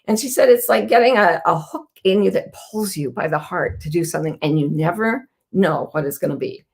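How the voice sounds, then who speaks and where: A woman's voice: lowish voice, lively intonation, fairly quick, gravelly. A middle-aged woman hosting a casual live talk, telling stories earnestly and acting out quoted people. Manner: warm, earnest, storytelling with quoted voices. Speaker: host.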